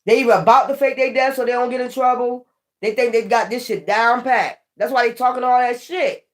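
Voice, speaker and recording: Brisk and somewhat high-voiced, a tarot reader gives a casual reading full of blunt talk and swearing. She repeats points for emphasis and warns the viewer.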